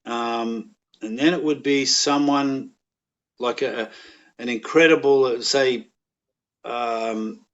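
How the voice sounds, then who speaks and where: A middle-aged Australian man telling rambling, animated anecdotes in a casual chat, with voiced quotes. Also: medium pitch, takes it slowly, long pauses, lo-fi sound. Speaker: podcast guest, actor.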